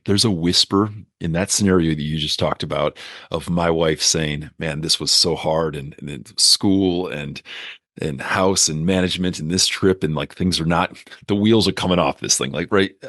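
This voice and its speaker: A man's voice: deep voice, moderate pace, a bit bright, no echo, studio quality. A man hosting a podcast, reflecting thoughtfully on what his guest said. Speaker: podcast host. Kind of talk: conversational podcast interview.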